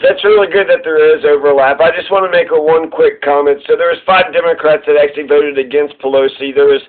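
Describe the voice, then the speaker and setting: High-voiced man ranting sarcastically. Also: steady tone, quick pace, background noise. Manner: sarcastic, profane, mocking. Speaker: political commentary host. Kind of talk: ranting commentary on played clips. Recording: tinny phone-like audio.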